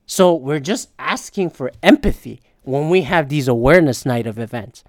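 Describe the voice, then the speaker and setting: Woman podcast host, low voice, very animated pitch, profane sarcastic rant, dry close sound. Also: moderate pace, no echo. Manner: profane, ranting, swears often; sarcastic and opinionated. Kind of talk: casual solo podcast rant.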